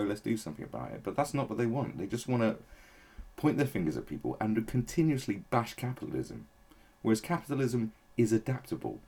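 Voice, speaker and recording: Husky, animated man ranting. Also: fairly low pitch. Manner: blunt, profane, sarcastic. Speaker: political commentator. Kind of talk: ranting opinion commentary.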